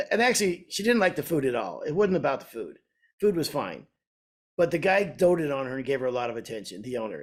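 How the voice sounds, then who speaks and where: An older man co-hosting a podcast, telling a story in a chatty, hesitant way. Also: medium pitch. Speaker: podcast co-host, flooring contractor. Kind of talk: casual storytelling.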